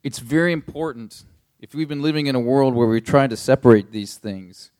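A man's voice: medium pitch, fairly quick, a little mellow. A young adult man pastor teaching a Bible passage in a casual, conversational way, paraphrasing with many fillers.

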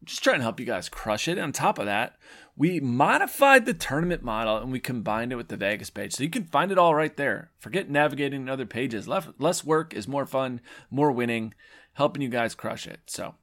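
Male podcast host, mid-pitched, casual, upbeat, rambling. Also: sing-song, a little fast, fairly bright tone. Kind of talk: casual chat.

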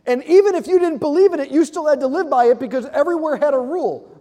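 A man giving an animated, joking talk to a live audience, acting out quick voices. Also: very high-pitched, in a large hall. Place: large hall with audience.

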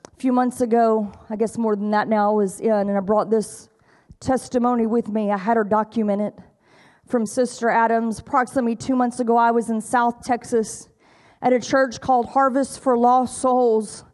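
Woman preacher with a high voice, storytelling sermon style that coaxes the congregation. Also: little pitch movement, moderate pace, a little mellow. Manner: retells stories with frequent repetition.

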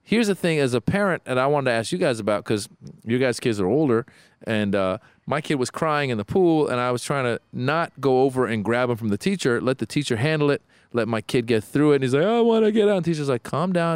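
A man's voice: medium pitch, fast, smooth, no room sound. A man in his thirties chatting casually as a podcast co-host, acting out quotes as he tells stories. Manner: animated storyteller, acts out quotes. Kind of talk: casual chat.

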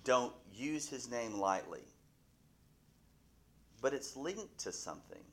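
A man's voice: mid-range voice, animated, slow, fairly bright tone. A man teaching a Bible class, asking his listeners questions and often restarting his sentences.

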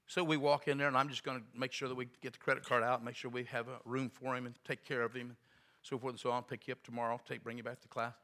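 A man's voice: medium pitch, level tone, quick pace, sharp tone. A man preaching a sermon in a rambling storytelling way, with asides to the congregation.

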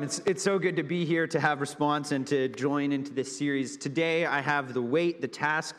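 A man giving a conversational, humorous sermon as a guest preacher, sometimes stumbling and repeating words. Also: medium pitch. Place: church hall. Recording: long hall reverb.

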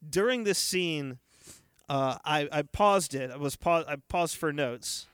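A man's voice: fairly high pitch, a little slow, clear, resonant tone, no room sound, clean studio sound. A man co-hosting a casual podcast about a TV episode, laughing often, swearing freely and acting out scenes. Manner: laughing, profane, animated retellings. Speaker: podcast co-host. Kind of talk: casual chat reviewing a TV episode.

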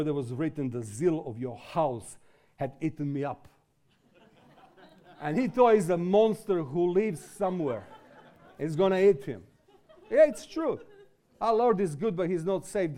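A man preaching with a fairly high voice, English being a second language for him. He speaks quietly at times, then builds into loud, impassioned exhortation. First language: not English. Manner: impassioned, rises to shouting exhortation. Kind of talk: sermon.

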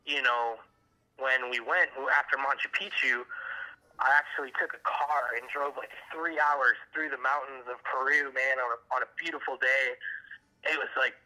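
A man tells his brother a long, winding story over a phone call. His voice is very bright and sharp. He swears freely and leans on fillers as he rambles. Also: medium pitch. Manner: rambling, profane, heavy fillers. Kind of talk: casual chat.

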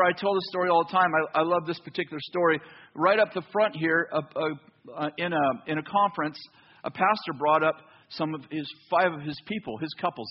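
High, husky-voiced preacher man. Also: muffled recording. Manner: animated storytelling, acts out both sides of dialogue. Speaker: pastor. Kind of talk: sermon. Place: church.

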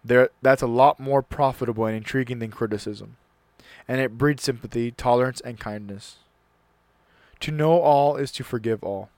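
A man's voice: mid-range voice, normal speed, a little mellow, dry recording. A man hosting a solo talk show, chatting casually and reading a passage aloud earnestly, sometimes stumbling and restarting words.

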